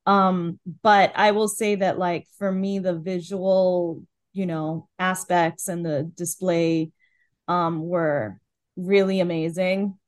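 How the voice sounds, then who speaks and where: A woman's voice: fairly low pitch, steady tone, takes it slowly, dry recording. A woman in a casual podcast chat, talking over an episode she liked. She fills her speech with "like" and "um," and the recording is close and dry. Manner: chatty, many fillers. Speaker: podcast co-host.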